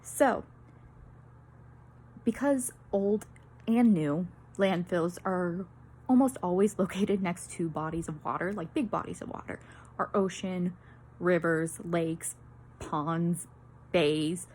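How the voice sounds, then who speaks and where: A woman's voice: lowish voice, takes it slowly, a little mellow, breathy edge. A young woman giving a student presentation, nervous and a little out of breath, with lots of fillers and apologies. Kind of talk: peer-teaching presentation.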